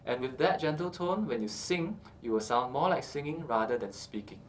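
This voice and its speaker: A man teaching singing, explaining calmly with many fillers and checking in with "okay" as he goes. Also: medium pitch, moderate pace, slight background noise. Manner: explains calmly with frequent uh and okay, breaks into short sung examples. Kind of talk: instructional talk with sung demonstrations.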